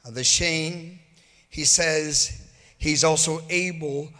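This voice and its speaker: A pastor preaching a sermon, rising into sung and shouted peaks, recorded in a church sanctuary. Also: male voice, a little high, slow pace. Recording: hall reverb from a church livestream.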